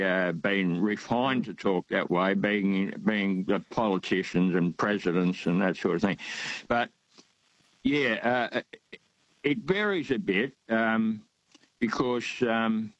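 An older Australian man calls in to a radio talk show for a casual phone-in chat, rambling with lots of fillers and hesitations. His voice is lowish, and the dry recording has its highs cut off.

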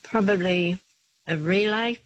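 A woman's voice: mid-range voice, slow, no echo. An Australian woman calling in to a radio show, answering hesitantly in short plain replies. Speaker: caller. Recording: dull, dry phone line.

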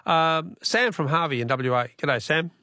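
A man's voice: fairly high pitch, normal speed, pushed and bright, no echo, studio quality. An Australian man hosting a talkback radio quiz, chatty and matey, reading out listener texts.

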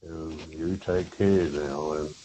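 An older man calling in to a radio show, speaking slowly and haltingly with gentle blessings. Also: extremely low pitch, fairly even intonation. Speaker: caller. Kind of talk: phone-in call. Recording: phone line with faint hiss.

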